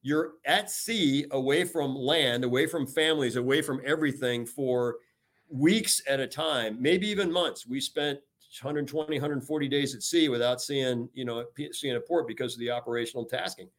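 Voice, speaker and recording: An older American man, a retired admiral, speaks as a guest in an interview. He talks energetically and emphatically, stressing key words and filling gaps with "you know". His voice sits at an ordinary pitch for a man. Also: moderate pace. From United States. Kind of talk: podcast interview. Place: talking remotely from home or office.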